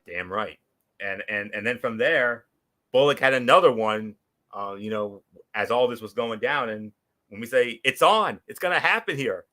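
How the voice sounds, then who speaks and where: A young man hosting a casual wrestling recap, excitable, often repeating and restarting his words. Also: fairly low pitch, normal speed. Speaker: wrestling show recap host.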